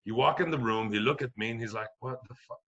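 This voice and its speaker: A middle-aged man from Quebec, a comedian telling a rowdy story in casual chat, profane and animated, acting out the voices of the people in it. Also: lowish voice, fast talker, dull audio. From Quebec, Canada. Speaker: comedian guest.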